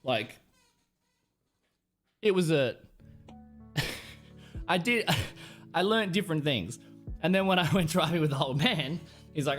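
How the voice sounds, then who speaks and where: A man's voice: a little high, lively intonation, slow, pauses often, soft background music. A young Australian man streaming live, rambling through casual stories with plenty of swearing. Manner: rambling, profane storytelling. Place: home streaming setup.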